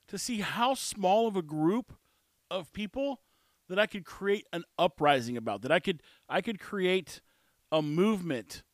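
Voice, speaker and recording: A man's voice: sits high, no room sound, studio quality. A man hosting a podcast, giving blunt, sarcastic casual commentary on a clip he plays. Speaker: podcast host.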